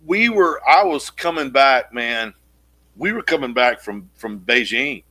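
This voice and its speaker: A man co-hosting a casual podcast, telling a long story in an animated way and acting out the quotes, with casual swearing. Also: mid-range voice, unhurried. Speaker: podcast co-host.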